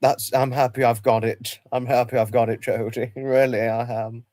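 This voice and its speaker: Halting man reminiscing on a dry mic. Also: mid-range voice, level tone, a little mellow, no echo. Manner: halting, repeats himself, many restarts. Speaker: livestream host. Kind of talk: casual livestream reminiscing.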